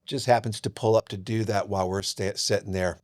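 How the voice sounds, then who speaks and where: A man's voice: on the low side, steady tone, brisk. A boisterous man, a podcast guest, telling a long personal story in casual chat. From Seattle area.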